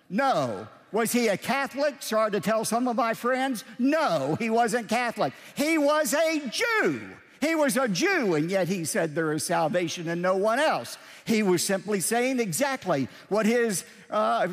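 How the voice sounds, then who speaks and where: Man, pastor, sermon, emphatic and sometimes shouting, lively melodic delivery, echoing sanctuary. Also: high-pitched. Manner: emphatic preaching, swinging from measured to shouted.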